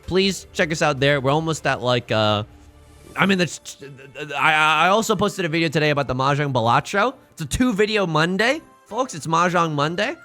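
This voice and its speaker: Lively bright-voiced male game streamer. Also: a little high, normal speed, soft background music. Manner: animated, jokey, dramatic exclamations. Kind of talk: live game stream commentary.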